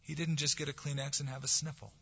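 A man preaching a sermon, swinging from forceful, dramatic lines to soft, hushed ones. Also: fairly high pitch, little pitch movement, fast, creaky, breathy edge. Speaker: pastor. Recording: dull lo-fi sound with long hall reverb.

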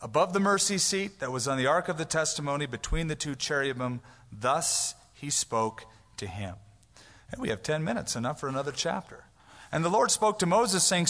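Man, pastor, conversational sermon, animated, slightly high voice, long hall reverb. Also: normal speed. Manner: conversational, animated, acts out prayers. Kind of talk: expository sermon.

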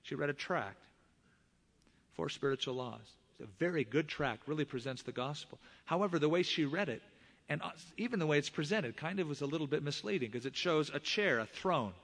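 A middle-aged male pastor preaching a sermon, with animated rises in voice and sudden hushed drops. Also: on the high side, brisk. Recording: long reverb of a large hall.

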